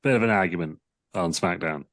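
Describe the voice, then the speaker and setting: A man co-hosting a casual wrestling chat, lively and given to acting out quotes. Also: deep voice, fairly quick, dry recording. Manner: animated, acts out wrestlers' lines in mocking put-on voices. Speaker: podcast co-host.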